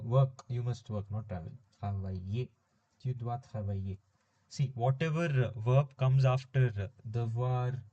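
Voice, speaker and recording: A man walks through a French lesson at an easy, unhurried pace, pausing with fillers as he explains. His voice is soft and mellow with a slightly husky grain. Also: medium pitch, dull audio. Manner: relaxed, explaining step by step with frequent fillers. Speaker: French tutor. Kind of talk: informal recorded language lesson.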